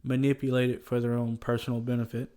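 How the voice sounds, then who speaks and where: A man with a Southern US accent, talking loosely and chuckling often as he hosts a history podcast. His voice is mellow and dark, and his pitch is middling for a man. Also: level tone, fast, smooth. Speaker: podcast host. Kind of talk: casual history podcast chat.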